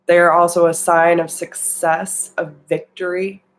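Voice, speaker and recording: A woman leads a spiritual tarot reading and speaks straight to her viewers. She takes her time over every phrase, and her voice sits a little low. Her delivery is earnest and openly emotional. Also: flat delivery, a little slow, rough recording. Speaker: tarot reader.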